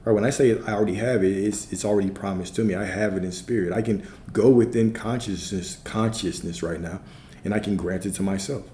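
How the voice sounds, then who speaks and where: Man, livestream spiritual coach, low and warm, repeats lines, keeps asking right?, echoey room. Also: fairly even intonation, fairly quick. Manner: repetitive, checks in with frequent "right?"; laid-back, conversational. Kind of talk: livestream teaching, answering chat. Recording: roomy sound with faint background noise.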